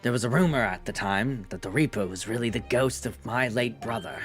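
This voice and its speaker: A woman voicing a stern, brooding aristocratic male prosecutor in a game, speaking gravely and quietly. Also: a bass voice, a little fast, faint music behind, voice pushed down.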